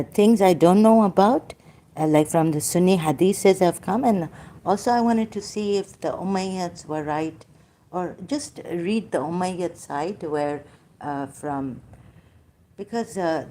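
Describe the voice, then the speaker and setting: A woman in an unscripted debate, talking hesitantly with many fillers and restarts, and admitting she gets hyper and struggles to keep her voice gentle. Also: low voice. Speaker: debater in an online religious discussion.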